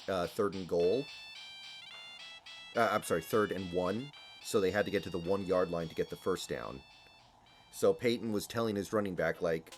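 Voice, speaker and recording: Deep-voiced man swearing through casual chat. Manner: profane, storytelling. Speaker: streamer.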